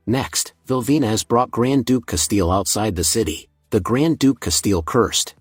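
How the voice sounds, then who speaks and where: A man's voice: medium pitch, moderate pace, hardly any pauses, breathy edge, no echo, clean studio sound, faint music behind. A man narrating a recap of a comic story.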